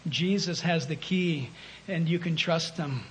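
A man preaching a sermon, emphatic, swinging between loud calls and hushed asides. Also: on the high side, a little slow.

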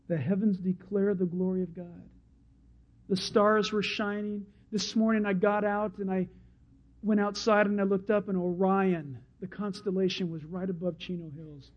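High-voiced pastor preaching. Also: male voice. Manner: animated storyteller who acts out crowd voices. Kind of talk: sermon. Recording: dull lo-fi sermon recording.

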